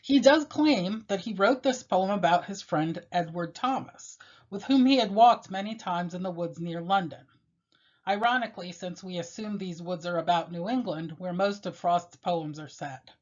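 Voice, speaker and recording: A woman teacher lectures on a poem in a fairly low voice. She explains step by step, pausing and filling gaps as she thinks. The recording sounds dull and lo-fi. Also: a little mellow. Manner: measured, explanatory, with pauses and fillers. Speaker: literature teacher.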